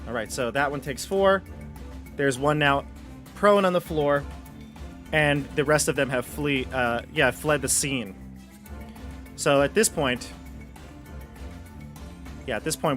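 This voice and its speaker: Casual male game master, relaxed descriptive narration, soft music underneath. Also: a little high, unhurried, long pauses. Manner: relaxed, descriptive with frequent restarts. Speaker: dungeon master.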